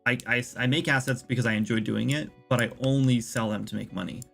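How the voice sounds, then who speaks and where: A man's voice: mid-range voice, steady tone, quick pace, creaky, fairly bright tone, faint music behind. A man chatting casually as an indie game developer on a livestream, rambling and thinking aloud with lots of fillers.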